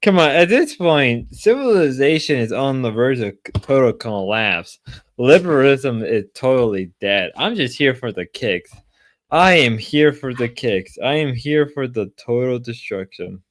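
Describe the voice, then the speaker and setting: A man's voice: medium pitch, expressive, unhurried, no echo. A drunk man livestreaming in casual chat, rowdy and rambling, whooping between lines.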